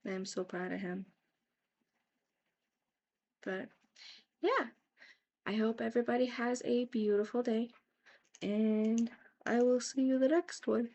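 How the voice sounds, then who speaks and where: A woman vlogger giving a casual, rambling personal update, repeating herself, with fillers and soft laughs. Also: mid-range voice.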